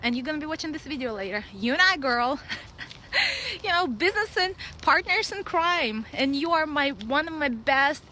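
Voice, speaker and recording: A woman in her thirties with a Russian accent, talking blunt and excitable in a casual outdoor vlog, laughing often. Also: high-pitched, normal speed, slight background noise, low-quality recording. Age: 30s. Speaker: vlogger. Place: outdoors at a dog park.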